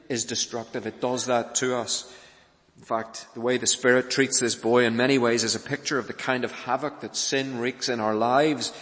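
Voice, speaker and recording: A man preaching a sermon in a church, earnest, pressing hard on key points and then falling soft and low. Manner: earnest, rising to urgent emphasis then dropping soft. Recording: long reverb of a church hall.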